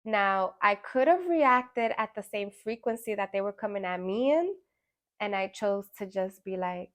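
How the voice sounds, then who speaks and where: A woman's voice: medium pitch, moderate pace. A woman with a middle-range voice leads a full moon ritual in a casual, reflective tone. She talks loosely, with plenty of "like" and "right?", and livens up when she tells a story. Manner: conversational, many fillers and tag questions; animated storytelling with acted-out quotes. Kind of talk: casual reflective spiritual talk.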